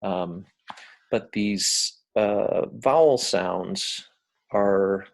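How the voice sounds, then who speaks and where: An American man giving a recorded lecture, talking in a relaxed, hesitant way with many ums and uhs. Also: on the low side, drawn-out words, creaky. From United States.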